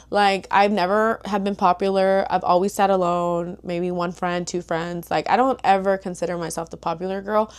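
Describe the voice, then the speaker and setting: Rambling, chatty young woman vlogger. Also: medium pitch. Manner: chatty and rambling, full of "like" and "you know". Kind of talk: casual chat to camera.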